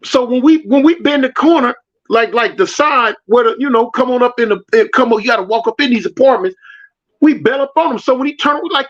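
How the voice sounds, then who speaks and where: A man's voice: very high voice, a little fast. A man telling a street story in casual slang, acting out the voices and answering his live chat. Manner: animated, slangy, acts out voices in his stories. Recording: dull lo-fi audio.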